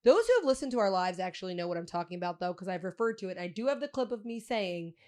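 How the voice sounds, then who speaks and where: A woman's voice: lowish voice, lively intonation, very fast. Playful woman co-hosting a podcast. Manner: teasing, laughing, playful. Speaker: podcast co-host. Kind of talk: casual chat.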